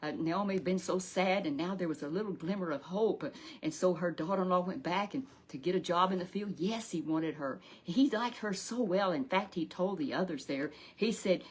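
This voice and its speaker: A woman's voice: on the low side, brisk, a little mellow, breathy edge. A woman telling a Sunday Bible story to a puppet, rambling and repeating herself with many restarts.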